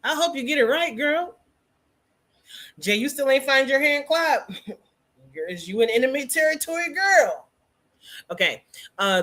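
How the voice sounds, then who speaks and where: A woman with a fairly high, lively voice hosts a hair care livestream. She talks casually and teases viewers she calls out by name. Her pitch swings up high when she jokes with them. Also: unhurried, long pauses.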